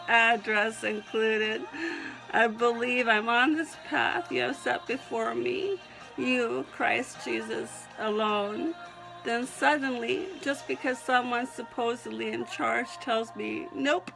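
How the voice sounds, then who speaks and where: On the verge of tears, a woman with a Southern accent slowly reads her own prayerful spoken-word poem in a high voice that has a gravelly edge. She repeatedly pauses to sneeze and laugh, with gentle music faintly audible behind her. The audio quality is poor.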